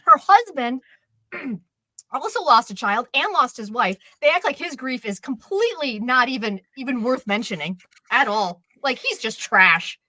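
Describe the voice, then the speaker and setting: A woman co-hosting a live stream chat, ranting in an exasperated, animated way. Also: high voice, unhurried, no echo. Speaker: co-host.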